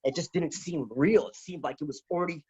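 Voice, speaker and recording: A man with a fairly high voice tells a long personal story as a guest, in loose casual talk. He rambles, repeats words and keeps quoting what others said. The recording sounds dull and lo-fi. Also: brisk, darkish tone, husky. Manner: quotes others with "he's like".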